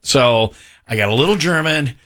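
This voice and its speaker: A man hosting a casual chat, telling stories in an animated, talkative way. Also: medium pitch, moderate pace. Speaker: show host.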